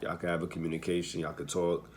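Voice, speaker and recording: A low-voiced man chats through his reactions in a relaxed, slangy way. He muses out loud and takes back his own words. A faint hiss sits under his voice. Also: quick pace. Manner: laid-back, slangy, thinking aloud and correcting himself. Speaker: commentator reacting to a dating show. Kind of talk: casual reaction commentary.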